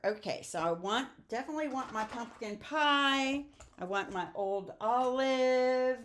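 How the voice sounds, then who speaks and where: A woman's voice: mid-range voice, slight background noise. A woman in her sixties, chatting in a homey, friendly way while she demonstrates card-making and coloring, breaking into little bits of song and laughter. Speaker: crafting class host. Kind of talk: casual craft demonstration.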